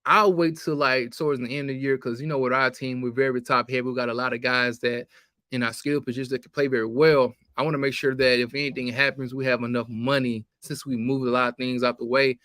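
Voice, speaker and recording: A man's voice: medium pitch, flat delivery, fast talker, a bit bright, dry recording, studio quality. A man co-hosting a casual live sports chat, laid-back and slangy, with some trash talk. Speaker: co-host.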